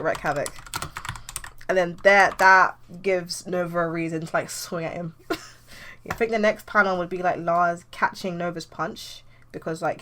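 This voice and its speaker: A young woman comic artist talks through her planning in a casual, rambling way, peppered with "like". Her voice sits a little low for a woman. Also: fairly bright tone, a little hiss or hum. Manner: chatty, loose, with frequent "like". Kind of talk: casual tutorial vlog.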